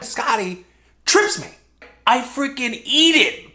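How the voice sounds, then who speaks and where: A man's voice: high-pitched, big pitch swings, normal speed, bright, forceful tone. A young man telling a comedic childhood story in a vlog, exaggerating and laughing at his own jokes.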